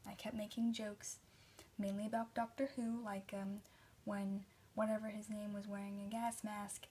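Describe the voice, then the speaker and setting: A woman's voice: mid-range voice, level tone, normal speed, dark tone, slightly rough. A young woman vlogging late at night, mostly in a whisper, rambling tiredly and swearing. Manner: whispering much of the time, sleepy and rambling, swearing. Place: bedroom at night, filming through a mirror.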